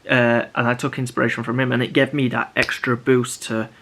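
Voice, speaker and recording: A man's voice: medium pitch, level tone, a little fast, a bit bright, breathy edge. A young man chatting casually to camera about building props, rambling with many restarts. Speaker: prop maker vlogger.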